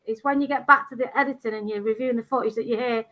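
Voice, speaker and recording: A Scottish woman guest telling a story in an animated, casual way. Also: on the high side, very fast. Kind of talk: casual chat.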